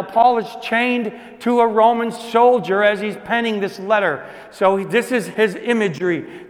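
High-voiced preaching man in a reverberant hall. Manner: conversational preaching, swings from loud emphasis to hushed asides. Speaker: pastor. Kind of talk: sermon.

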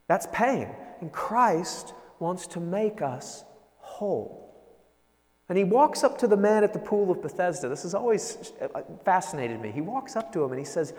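A man preaching a sermon in a conversational, animated way, often checking in with "right?". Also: sits high, a little slow, in a large hall. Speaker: pastor.

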